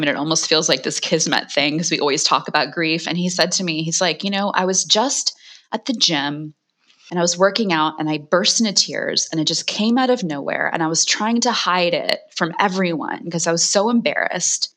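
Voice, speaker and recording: A woman in her forties, a guest author, talking candidly and emotionally in a quick conversational way, full of "like" fillers. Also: fairly low pitch, fairly bright tone. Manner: emotional, fast, frequent "like" fillers.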